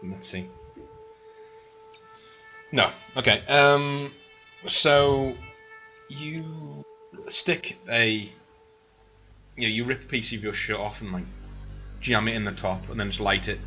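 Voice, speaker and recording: Guy running a tabletop game on a voice call, bright voice, rambles and laughs a lot, faint music behind. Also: mid-range voice, takes it slowly, pauses often, rough recording. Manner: rambling, laughing, full of filler words. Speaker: game master. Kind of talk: narrating a tabletop game over voice chat. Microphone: online voice call.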